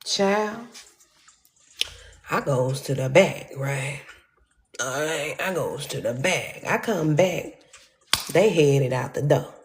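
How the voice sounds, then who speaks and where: A woman telling a story in an animated, profane way, acting out quotes with sudden jumps in pitch. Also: slow, long pauses, slight background noise. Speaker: storyteller vlogger.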